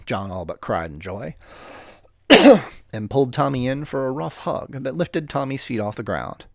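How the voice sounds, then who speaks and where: Man, story reader, casual asides, profane, self-deprecating, animated pitch, dry close sound. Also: measured pace, gravelly, dry recording. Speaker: reader of stories.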